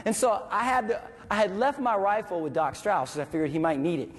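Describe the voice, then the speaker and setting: A man and military veteran telling a story to an audience, animated and acting out dialogue and sound effects. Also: sits high, fairly quick, slightly rough. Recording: long reverb from a hall.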